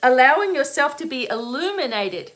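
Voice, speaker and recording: Bright, chatty woman teaching spiritual topics. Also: high-pitched, normal speed. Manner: chatty and animated, laughs often, asks "right?". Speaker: spiritual teacher hosting a webinar. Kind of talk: casual teaching talk.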